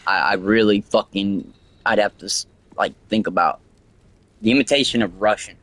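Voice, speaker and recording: A man's voice: on the low side, moderate pace, fairly bright tone, no room sound. A man chatting casually on a game livestream, rambling with many fillers and crude jokes. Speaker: game streamer.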